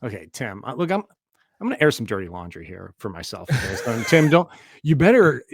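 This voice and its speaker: A man's voice: medium pitch, very animated, a little fast, breathy edge, dry recording. Enthusiastic slangy man on a podcast. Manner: enthusiastic, slangy, says bro and dude. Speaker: podcast co-host. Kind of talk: casual chat.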